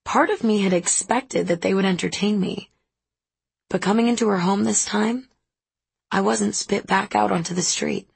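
A woman narrating a literary novel in first person, introspective, with a husky, gravelly voice. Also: mid-range voice, fairly even intonation, moderate pace, dry recording. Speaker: audiobook narrator.

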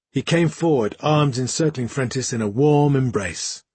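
A male audiobook narrator reads fantasy prose in a steady, measured way, at a middle pitch for a man. His voice is husky and breathy. The sound is close and dry, with no echo at all. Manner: measured, even storytelling.

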